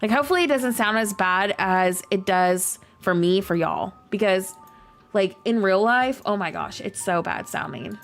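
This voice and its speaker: A woman game streamer with a scratchy, hoarse voice, chatting casually and rambling with lots of "like" while she plays. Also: mid-range voice, moderate pace, soft background music. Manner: chatty, rambling, heavy use of "like". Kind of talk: casual livestream chat while playing.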